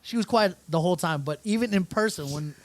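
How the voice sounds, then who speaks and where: A podcast co-host telling a story in casual chat, animated, laughing often and stumbling over words. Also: medium pitch, a little fast, no room sound.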